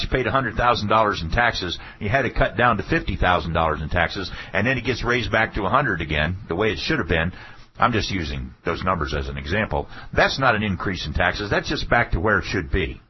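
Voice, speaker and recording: Man, radio host, folksy and sarcastic, lively swings in pitch, muffled lo-fi sound. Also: husky. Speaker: radio talk show host. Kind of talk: political talk radio monologue. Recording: dull lo-fi radio broadcast.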